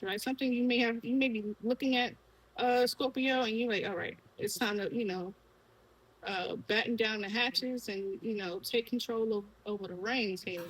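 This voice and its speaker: A woman's voice: a little high, a bit bright, slightly rough, low-quality recording. A woman with a Brooklyn accent giving a casual tarot reading, talking straight to the viewer and asking the cards questions aloud. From Brooklyn, New York. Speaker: tarot reader.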